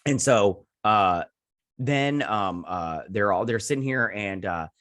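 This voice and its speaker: A man's voice: lowish voice, expressive, slow pace, a bit bright. A man hosting a show, recapping an episode in a loose, rambling way, full of fillers and restarts, now and then slipping into goofy voices for quotes. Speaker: show host reviewing a TV episode.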